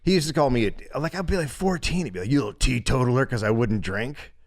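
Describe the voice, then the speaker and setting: A middle-aged man from California telling a comedic story, profane and animated, often laughing through the punchlines. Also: medium pitch, fast. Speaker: podcast guest.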